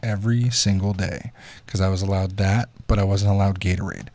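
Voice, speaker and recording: A man's voice: sits low, fairly even intonation, brisk, darkish tone. A young man hosting a casual podcast, telling loose, profane stories. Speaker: podcast host.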